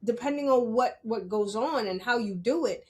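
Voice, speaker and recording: A woman podcast host telling a personal story in a candid, animated way, swearing freely and acting out her own reactions. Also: fairly high pitch, normal speed.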